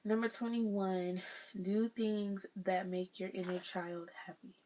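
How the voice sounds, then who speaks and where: A woman's voice: medium pitch, fairly even intonation, slow pace, warm tone. A young woman, talking through life lessons to her viewers in a casual, earnest vlog and calling them y'all. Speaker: vlogger sharing life lessons.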